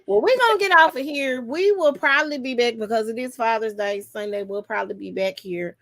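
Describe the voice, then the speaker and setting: A woman co-hosting a podcast, chatting casually with quick, lively reactions. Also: fairly high pitch, creaky, no echo. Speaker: podcast co-host. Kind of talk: casual chat.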